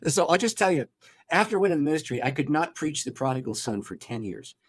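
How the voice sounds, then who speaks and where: A man, a pastor, telling his life story in an interview, animated and acting out the people he quotes. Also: fairly high pitch, fast talker.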